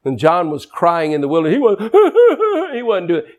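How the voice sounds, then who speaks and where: A man in his sixties preaching a sermon with passion, dropping to hushed tones and rising to near-shouts. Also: high-pitched, sing-song, normal speed, hardly any pauses. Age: 60s.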